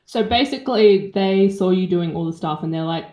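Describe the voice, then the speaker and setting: A woman co-hosting a podcast, cheerful and quick to laugh. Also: fairly low pitch, highs cut off. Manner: laughs easily, cheerful, trails off. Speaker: podcast co-host. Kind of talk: casual chat. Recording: roomy echo.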